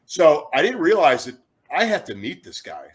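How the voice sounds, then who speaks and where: A man in his fifties from Chicago, a former football player, telling lively anecdotes as an interview guest and acting out other people's words. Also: a little high, normal speed. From Chicago, USA. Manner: animated storyteller who acts out quotes, with frequent restarts.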